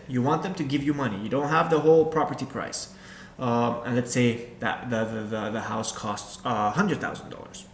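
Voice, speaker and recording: A man speaking at an ordinary middle pitch gives hands-on coaching, talking straight to the listener and hammering points home by repeating them. The recording sounds roomy and echoey, with a faint hum of ambience underneath. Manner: direct, repetitive, addresses viewer as you. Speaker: real estate investor and coach. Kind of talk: instructional talk to camera.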